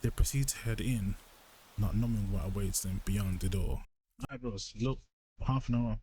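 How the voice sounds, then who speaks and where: A man's voice: on the low side, normal speed, mellow, a little hiss or hum. A man reading a visual novel aloud and chatting casually between passages, calling his viewers bro. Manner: casual, says bro often. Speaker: gaming YouTuber.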